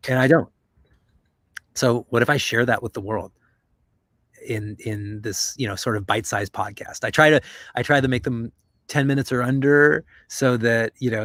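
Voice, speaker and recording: A man's voice: mid-range voice, steady tone, moderate pace, a bit bright, no room sound. A middle-aged man speaking openly and reflectively as an interview guest. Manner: open, reflective. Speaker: podcast host guest. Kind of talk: candid conversation.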